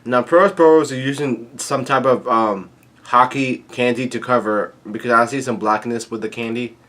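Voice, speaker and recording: A man's voice: mid-range voice, steady tone, normal speed, fairly bright tone. A man giving a casual recap of a manga chapter, reading lines aloud with lots of fillers and restarts. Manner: rambling with many fillers and restarts. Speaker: manga chapter reader and reviewer.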